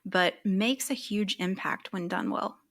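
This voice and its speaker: A woman's voice: mid-range voice, unhurried, fairly bright tone. A woman hosting a podcast interview, asking brief, plain questions. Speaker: podcast host.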